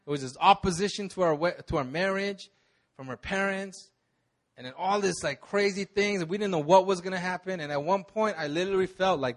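A pastor in his thirties shares his personal testimony during a sermon. He talks briskly in a high voice, casual and slangy, restarting his sentences many times.

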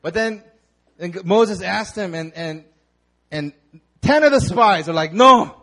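Lively young man preaching a casual sermon. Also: high-pitched, a little slow. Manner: casual storytelling, acts out the crowd in dramatic voices. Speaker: pastor. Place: church hall.

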